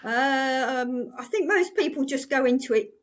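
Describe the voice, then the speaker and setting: An older woman, a breathwork therapist, talking in a casual podcast conversation with earnest, halting restarts. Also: high voice, animated.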